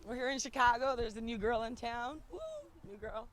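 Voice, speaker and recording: A woman from Canada doing a playful, teasing sideline interview outdoors, with jokey loud bursts. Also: a little high, steady tone, fairly quick. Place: outdoor sports complex.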